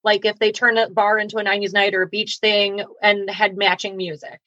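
A woman's voice: medium pitch, little pitch movement, a little fast, bright, forceful tone, no room sound, highs cut off. A woman on a podcast reading out a viewer question in an easygoing, breezy way. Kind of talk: casual chat.

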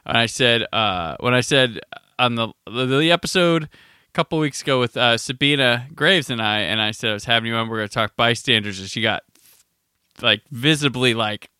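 A man hosts a casual podcast chat, rambling supportively and leaning on fillers as he goes. His voice is bright, smooth and clear, heard in a dry, close recording. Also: mid-range voice, moderate pace, dry recording. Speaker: podcast host.

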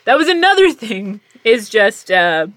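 A young adult woman, a guest in a casual chat, telling animated stories and laughing often. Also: fairly high pitch, unhurried.

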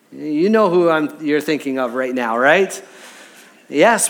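A man's voice: high-pitched, a bit bright. A middle-aged man preaching as a pastor, telling a personal story in a conversational way and checking in with the audience. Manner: conversational, repeats "right?" to the audience.

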